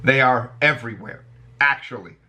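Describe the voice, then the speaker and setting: A man hosts a reaction video with a bright, forceful voice and trades loose, crude banter. He laughs along as he talks in a casual commentary style. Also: medium pitch, normal speed.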